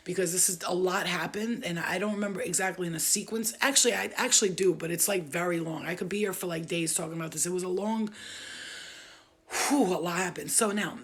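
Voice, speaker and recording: A woman's voice: fairly low pitch, slightly rough. A woman hosting a livestream, telling a true ghost story in a candid, rambling way and swearing often. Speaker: livestream host.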